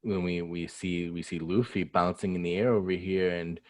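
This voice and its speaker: A man co-hosting a casual comic read-through, relaxed and chiming in with agreement. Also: sits low, moderate pace. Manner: relaxed, mumbles agreement, acts out lines. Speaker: co-host.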